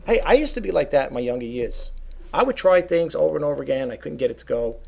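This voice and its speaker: A middle-aged man with a gravelly voice, talking casually and at length to his viewers, often repeating himself as he goes. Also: fairly high pitch, lively intonation, fast. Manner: rambling, repeats words, talks straight to viewers. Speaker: online seller and vlogger. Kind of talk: casual talk to camera.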